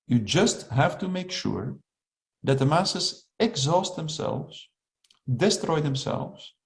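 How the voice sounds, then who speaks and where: Man, fairly high voice, slow deliberate speaker who leans on key phrases. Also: vocal fry, darkish tone. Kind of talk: reflective monologue.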